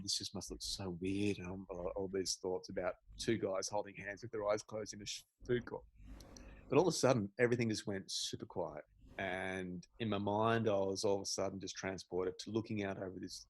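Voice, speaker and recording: A man's voice: sits low, steady tone, a little fast, no echo, low-quality recording. A man in his forties, a podcast guest, telling a personal story in casual interview style, laughing often and acting out bits of dialogue. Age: 40s.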